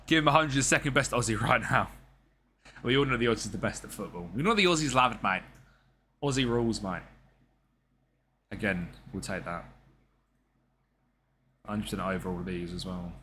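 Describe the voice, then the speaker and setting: A man's voice: lowish voice, bright, forceful tone, a little hiss or hum. A man giving casual, slangy gameplay commentary and talking back to the characters on screen. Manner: chatty, slangy, talks to the game characters. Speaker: gaming streamer.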